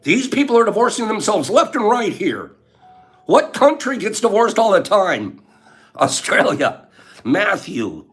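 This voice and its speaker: Playful older man, lively voice. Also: sits high, a little slow, soft background music. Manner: playful and joking, laughs often; reads out viewer answers. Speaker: livestream host. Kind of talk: casual live chat with viewers.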